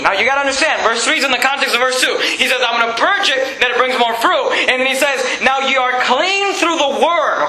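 A male pastor preaching an emphatic, shouting sermon in a church. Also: extremely high pitch, reverberant, poor audio. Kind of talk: fiery sermon.

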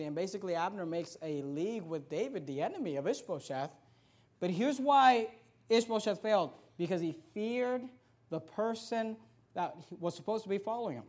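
High-voiced man preaching a sermon. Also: animated, moderate pace. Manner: conversational storytelling that builds to forceful preaching. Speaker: pastor.

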